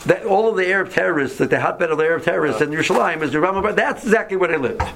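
Gravelly-voiced man telling a story. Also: sits high, racing, background noise. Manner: animated, acts out dialogue, frequent restarts. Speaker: Torah teacher. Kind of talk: storytelling in a class.

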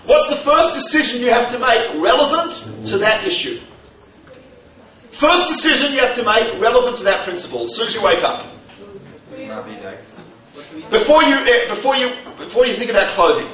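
Brief: male lecturer, very high, bright voice, animated with rhetorical questions, recorded from far off in an echoey hall. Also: normal speed, pauses often. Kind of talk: humorous lecture to a live audience. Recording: echoey hall, distant mic, faint noise.

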